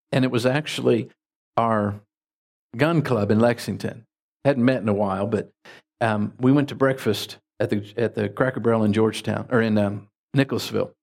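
A man preaching as a pastor, telling folksy stories with lively jumps in his voice. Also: normal speed, gravelly. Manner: folksy, animated anecdotes with sudden pitch jumps. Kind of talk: sermon with storytelling.

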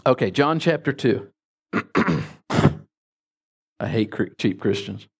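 A man preaching as a pastor, telling folksy stories with lively jumps in his voice. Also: slow pace, husky. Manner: folksy, animated anecdotes with sudden pitch jumps. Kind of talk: sermon with storytelling.

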